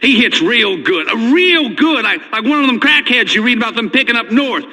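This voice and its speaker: A man's voice: extremely high pitch, expressive, moderate pace, sharp tone, in a large hall, heavily acted. An actor playing a timid, stammering male caller to a talk radio show in a comedy game. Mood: nervous. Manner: stammering, nervous.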